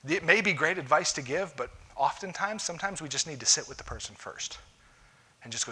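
A man's voice: on the high side, animated, a little fast, sharp tone, slightly rough. A man preaching a conversational sermon, folksy and direct, often acting out what people say. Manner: folksy, talks straight to listeners, acts out quoted voices. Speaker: pastor.

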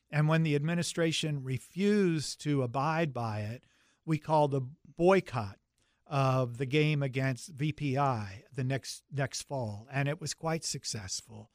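A man's voice: mid-range voice, dry recording. An older American man with a Southern accent, recounting his past at an easy, reflective pace. He talks in a plain conversational way, often stopping and restarting his sentences. The recording is dry and close. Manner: reflective, storytelling with frequent restarts. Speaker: interviewee. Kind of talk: oral history interview.

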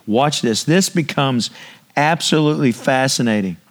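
A man's voice: medium pitch, normal speed. A man preaching a sermon, speaking emphatically and posing rhetorical questions to the congregation. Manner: draws listeners in with repeated cues.

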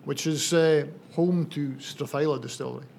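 A man in his fifties with a broad northeast Scottish accent, chatting as a guest distiller on a podcast, friendly with frequent pauses. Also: fairly high pitch, steady tone, gravelly, a little mellow, slight background noise. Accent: northeast Scottish, Banffshire. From Scotland. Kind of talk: casual podcast chat.

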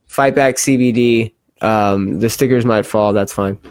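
A man's voice: lowish voice, a little slow, darkish tone, no room sound. A young adult man hosting a podcast, chatting casually and reading a sponsor spot in a rambling, joking, profane way. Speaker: podcast host.

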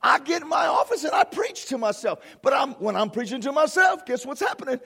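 A man preaching a fervent sermon from a church platform, bursting into shouts and exclamations. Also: very high voice, very animated, fairly quick, gravelly, few pauses. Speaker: pastor.

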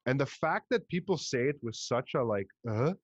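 Man for a casual podcast chat. Animated delivery with a swinging, lively pitch. Dry close sound. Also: no room sound. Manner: animated, quick asides, mimics other people's remarks. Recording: dull lo-fi recording.

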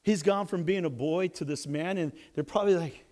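A man with a high voice tells a story in a sermon. He keeps it animated, dropping to a hush and then rising loud again. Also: fairly quick. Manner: animated, swings between hushed and loud. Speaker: preacher.

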